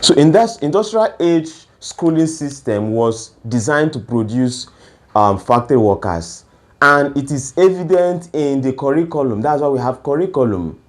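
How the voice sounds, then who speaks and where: A man's voice: medium pitch, lively intonation, moderate pace. A man giving a lecture-style talk on education, asking rhetorical questions and then answering them. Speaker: education speaker.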